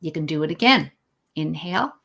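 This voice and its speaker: A woman wellness coach leading a live-streamed breathing lesson from her phone, relaxed and guiding, with fillers and small self-corrections. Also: sits low, fairly quick, creaky.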